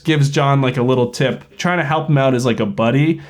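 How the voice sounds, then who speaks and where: A man's voice: mid-range voice, a little fast. A man playing a tabletop game, chatting crudely and joking about his character. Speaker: player. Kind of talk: casual tabletop game chat.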